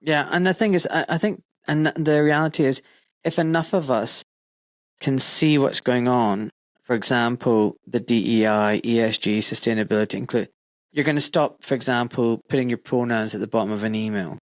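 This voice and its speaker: With no room sound, this clip features a male doctor hosting his podcast at a normal pace. His mid-range voice carries chatty, lively storytelling full of filler words.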